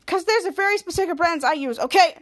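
A woman's voice: very high-pitched, quick pace, no room sound, clean studio sound. Woman quoting a brash, vain superhero man. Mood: blustery.

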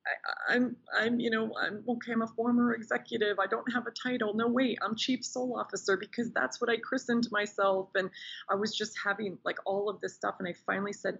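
A woman's voice: medium pitch, fairly quick, gravelly, slightly rough, lo-fi sound. A woman talking as a podcast guest, telling personal stories with enthusiasm in a casual interview. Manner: enthusiastic, animated storyteller.

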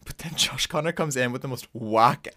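A man's voice: mid-range voice, moderate pace, pushed and bright, dry recording, studio quality. A young man co-hosting a podcast, rambling through gossip with frequent laughs. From Ireland. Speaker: podcast co-host. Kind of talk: casual chat.

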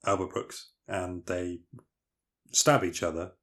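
A man's voice: low voice, fairly even intonation, takes it slowly, creaky, fairly bright tone. A man co-hosting a casual film podcast, retelling movie scenes in detail with lots of fillers and restarts. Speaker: podcast co-host.

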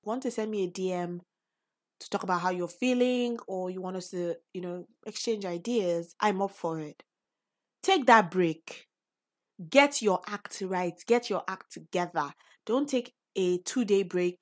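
A woman with a Nigerian accent hosting a personal podcast, speaking earnestly and encouragingly with sudden emphatic bursts. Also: fairly low pitch. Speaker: podcast host.

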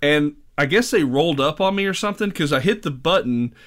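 A man's voice: a little high, expressive, brisk, fairly bright tone. A man co-hosting a podcast in casual chat, jokey and easygoing, laughing often as he tells stories. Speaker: podcast co-host.

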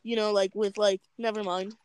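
A woman's voice: mid-range voice, level tone, normal speed, a little mellow, poor audio. A teenage girl chatting casually with friends, rambling with lots of fillers and teasing. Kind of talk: casual chat among friends.

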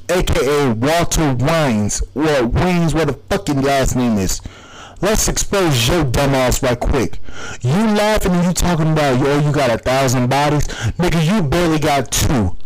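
A man's voice: fairly high pitch, poor audio. A man from the United States, hosting a podcast and delivering a heated, profanity-laced solo rant. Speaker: podcast host.

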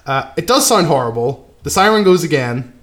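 A man casually recapping a horror film's plot, trailing off quietly and tagging "right?" onto his sentences. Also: a little high, expressive, moderate pace. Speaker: podcast co-host recapping a film. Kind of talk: casual chat.

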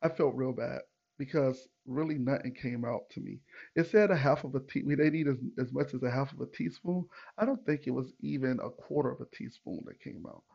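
Man, young adult, raspy gravelly voice, casual podcast monologue, dull lo-fi sound. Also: medium pitch, brisk. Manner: loose, conversational, many fillers and asides to listeners. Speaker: podcast host.

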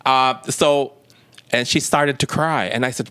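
A man's voice: mid-range voice, normal speed, no room sound. A man being interviewed, telling a personal story and acting out the dialogue as he goes. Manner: lively retelling with quoted dialogue. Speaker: interview guest. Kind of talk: anecdotal storytelling.

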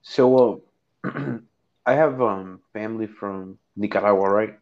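A man's voice: fairly low pitch, slow. A man from Texas with a Texan accent, rambling and swearing through a casual political chat. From Houston, Texas. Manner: rambling, profane, filler-heavy. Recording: dull lo-fi recording.

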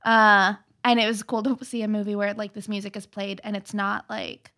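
A woman's voice: mid-range voice, level tone, normal speed, pushed and bright. A woman guest on a podcast, talking casually and hesitantly, with many fillers. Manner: hesitant, full of "like" and "um". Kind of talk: casual chat.

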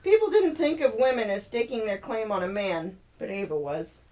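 A woman reading her own novel aloud at home to her daughters, steady and expressive. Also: fairly high pitch, moderate pace. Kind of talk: storybook read-aloud to her children.

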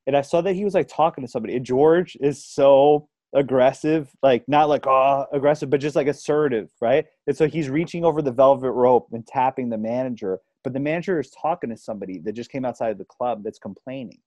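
Chatty young man, mellow voice. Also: medium pitch, fast talker, few pauses, no room sound. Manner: chatty, rambling, filler-heavy. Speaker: podcast host. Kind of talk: casual interview storytelling.

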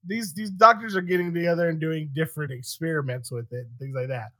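A man hosting a podcast in casual chat, animated, swearing freely and laughing often. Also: on the high side, quick pace. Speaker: podcast host.

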